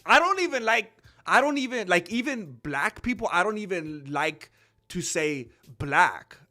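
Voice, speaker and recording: A man's voice: sits high, animated, unhurried, pushed and bright. A young man hosting a casual commentary channel, talking off the cuff in a rambling way with lots of restarts and fillers.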